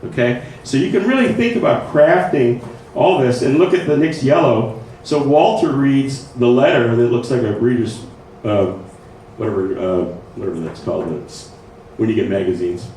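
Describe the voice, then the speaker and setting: A man's voice: mid-range voice, normal speed, a little mellow. Man teaching playwriting in an echoey room. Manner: conversational, checks in with listeners often. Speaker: writing workshop presenter. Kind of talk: informal lecture to a writing group. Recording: echoey room, faint noise, mic far off.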